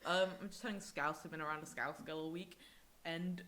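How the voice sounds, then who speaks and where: A young woman from England co-hosting a podcast, telling stories in a casual, animated way. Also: brisk. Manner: animated storytelling, acts out quoted people with big pitch jumps. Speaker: podcast co-host. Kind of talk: casual chat.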